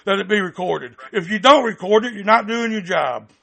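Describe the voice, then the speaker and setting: A man argues over a phone line, blunt and heated, tripping over repeated words. His voice sits high with a gravelly edge and a bright, tense tone. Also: animated, moderate pace. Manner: angry, blunt, stammering repeats, cusses. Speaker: caller, activist recording his calls. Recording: phone call recording.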